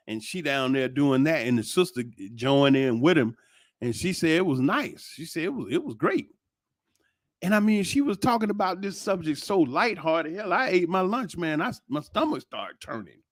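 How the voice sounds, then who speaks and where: A man's voice: fairly high pitch, no room sound, clean studio sound. A middle-aged man telling stories to his channel in a loose, rambling monologue, full of restarts and exclamations. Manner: animated, rambling storyteller with frequent restarts and exclamations. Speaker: channel host. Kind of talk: casual commentary monologue.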